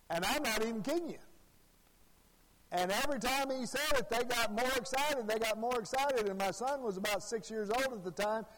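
Male preacher, high voice, folksy and repetitive, reverberant church hall. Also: a bit bright. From Arkansas. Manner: folksy storytelling, repeats phrases. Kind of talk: sermon.

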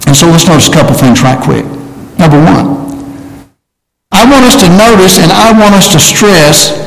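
A man with a high voice preaches to his congregation, pressing his points and circling back on his words. His voice rings through an echoey hall with a long reverb tail. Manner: emphatic, repeats words, addresses congregation as brethren. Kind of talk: sermon.

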